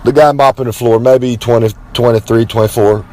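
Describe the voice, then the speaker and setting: A man's voice: mid-range voice, steady tone, darkish tone, a little hiss or hum. Brash man telling a story. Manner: brash and boastful, talks about himself in the third person; swaggering, with drawn-out dramatic emphasis. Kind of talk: rambling comic storytelling monologue.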